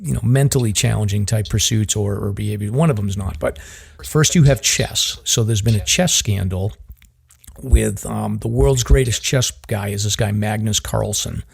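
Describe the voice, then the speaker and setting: A man's voice: on the low side, normal speed, gravelly, husky. A man with a Boston accent hosting a podcast, chatting casually and rambling with plenty of restarts. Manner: rambling, self-interrupting. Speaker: podcast host. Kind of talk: casual chat.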